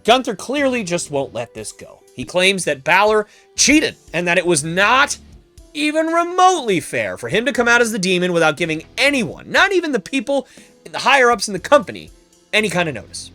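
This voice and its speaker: Male podcast host, animated storytelling, lively rising and falling voice, slightly high pitch, faint music underneath. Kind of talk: narrating a fantasy wrestling storyline.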